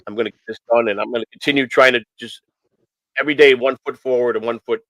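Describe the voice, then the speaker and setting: A man talks on a casual morning stream, circling back and restarting his sentences again and again. His voice sits at an ordinary middle pitch, and the sound is dry and close. He comes across as earnest and emotional. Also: fairly even intonation, fast, a bit bright, no room sound, rough recording. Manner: rambling, repeats phrases, many restarts. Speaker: host of a morning stream show. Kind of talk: casual rambling talk.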